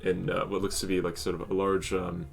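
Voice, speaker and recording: A man playing a tabletop game, describing a character's look in halting detail. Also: sits low, completely flat delivery, creaky, faint music behind. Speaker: player. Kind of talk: tabletop role-play.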